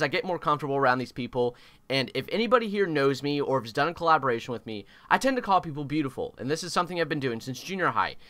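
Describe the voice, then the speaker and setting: A young man narrating an animated storytime video in an exaggerated, swearing, animated way. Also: on the high side, dry recording. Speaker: YouTube storyteller.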